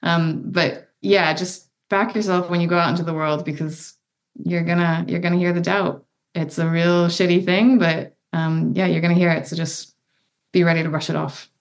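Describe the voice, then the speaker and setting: A woman's voice: fairly low pitch, little pitch movement, moderate pace. A woman in her thirties, a podcast guest talking in a casual, emphatic, encouraging way and swearing freely. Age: 30s. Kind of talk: casual interview chat.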